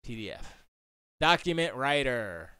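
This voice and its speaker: A man's voice: mid-range voice, big pitch swings, unhurried, bright, forceful tone, clean tone, no echo. A young man chatting casually on a livestream from his home studio, rambling and muttering to himself as he works on his computer. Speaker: livestream host.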